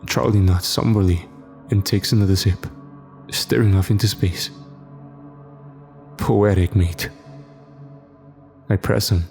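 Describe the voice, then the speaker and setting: A man narrating a first-person horror story in a steady, measured voice. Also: lowish voice, creaky. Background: faint music.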